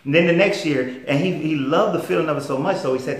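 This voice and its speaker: A man's voice: a little high, quick pace. A man with a Southern US accent, a life coach telling stories in a plain-spoken, emphatic motivational monologue. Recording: roomy echo.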